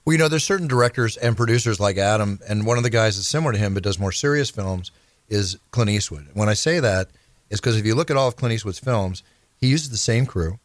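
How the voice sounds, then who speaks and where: A man's voice: lowish voice, animated, fast talker, no echo. A man hosting an interview, telling eager stories and asking his guests questions. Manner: eager storyteller, asks questions. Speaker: podcast host.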